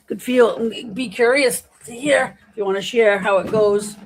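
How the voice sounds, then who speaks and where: This is a chatty, animated middle-aged woman hosting a livestream, reading viewer comments aloud in casual conversation. Her husky voice sits on the high side, moving at normal speed with few pauses.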